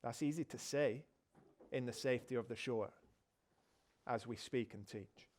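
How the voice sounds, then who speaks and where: A man's voice: medium pitch, unhurried, darkish tone. A middle-aged Scottish man preaching a sermon, telling the story vividly and asking rhetorical questions. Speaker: pastor.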